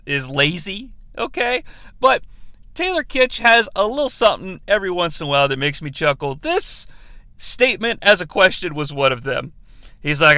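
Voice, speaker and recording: Brief: young man, podcast host, sarcastic and profane, high animated voice, dry close mic. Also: no echo. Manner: sarcastic and profane, acts out quotes from scenes. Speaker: podcast host reviewing movies. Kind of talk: casual comedic movie review.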